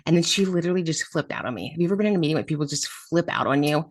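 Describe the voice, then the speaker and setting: A woman's voice: low voice, very fast. A woman hosting a podcast on special education, telling a story from a meeting in a direct and emphatic way. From Florida. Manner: direct, emphatic straight talk.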